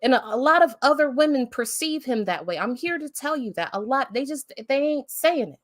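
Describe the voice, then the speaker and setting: A woman's voice: high voice, animated, brisk, no room sound, studio quality. A woman hosting a live stream, talking bluntly and emphatically with heavy swearing in casual commentary. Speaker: livestream host.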